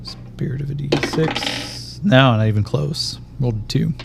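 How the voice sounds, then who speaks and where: A man narrating a solo tabletop game as game master, calling out dice rolls in a measured way. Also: medium pitch, gravelly, noisy background.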